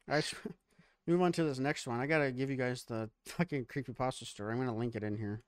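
A man's voice: mid-range voice, fairly even intonation, fast talker, clean tone, no echo, studio quality. A man hosting a podcast in casual, profane, joking banter with friends. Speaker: podcast host. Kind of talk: casual chat.

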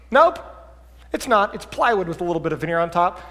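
A man preaching in a church sanctuary, his high, lively voice carrying through a long, reverberant hall. He talks like a pastor in a conversational sermon, drops to a quiet voice for asides, then climbs back to loud emphatic bursts. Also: fast talker.

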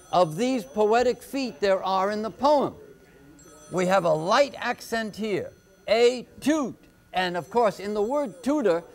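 A man tutoring on a live call-in homework show, explaining poetry slowly and patiently, step by step. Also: high-pitched, vocal fry. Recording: telephone-era broadcast.

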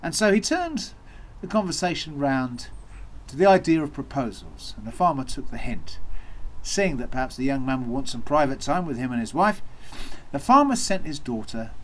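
A man's voice: normal speed, poor audio. A man telling an old folk tale as a costumed storyteller, with theatrical emphasis. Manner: animated, swooping pitch for emphasis. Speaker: storyteller in costume as a medieval seamster.

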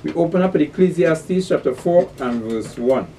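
A man teaching a scripture class. He reads verses aloud slowly and then explains them, repeating key words and asking fill-in questions like "the what?". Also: fairly high pitch, expressive, dark tone, recorded from a distance, a little hiss or hum.

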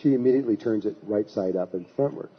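A man, a spiritual teacher, telling a story in a halting way with frequent restarts in a husky voice. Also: on the low side, highs cut off. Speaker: spiritual teacher giving a talk. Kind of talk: anecdotal storytelling talk.

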